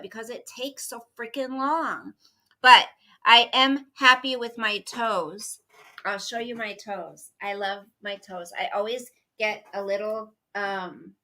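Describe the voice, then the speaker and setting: A woman's voice: fairly high pitch, pushed and bright. A middle-aged woman hosting a casual livestream, rambling through a story and greeting viewers by name as they arrive. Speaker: livestream host chatting with viewers.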